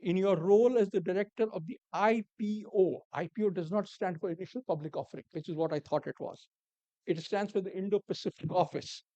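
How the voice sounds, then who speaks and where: Measured man giving a keynote, dull recording. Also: high voice, mellow, dry recording. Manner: measured, deliberate, repeats words for emphasis, dry asides. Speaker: keynote speaker. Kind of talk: formal conference speech. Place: conference hall.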